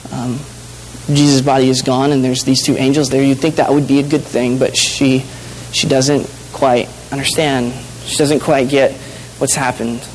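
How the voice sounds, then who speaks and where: A man preaching a sermon in an earnest, halting way, with frequent restarts and fillers. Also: mid-range voice, a little hiss or hum, low-quality recording. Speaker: pastor.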